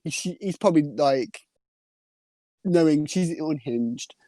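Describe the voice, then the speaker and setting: A man's voice: on the high side, slow, warm tone, dry recording. A man co-hosting a podcast in casual movie chat, teasing his co-host with jokey asides and puns.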